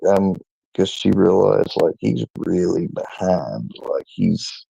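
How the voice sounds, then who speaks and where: Man, rambling halting storyteller, low gravelly voice, dark and mellow tone, slow delivery. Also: dry recording, poor audio. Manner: meandering, halting retelling with many restarts. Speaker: channel owner. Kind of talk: casual personal storytelling.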